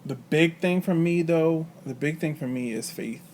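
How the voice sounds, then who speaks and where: A man, a husband and father, talking thoughtfully with frequent pauses and filler sounds. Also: fairly high pitch, a little mellow, a little hiss or hum. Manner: measured, thoughtful, many pauses and ums. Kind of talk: casual chat.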